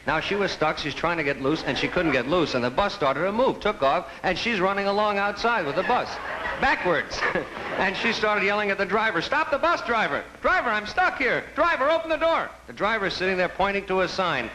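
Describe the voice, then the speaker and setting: A male stand-up comedian telling deadpan stories, heard on an old TV broadcast. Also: sits high, a little fast, background noise. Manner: deadpan storytelling, acts out sign voices. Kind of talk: stand-up routine.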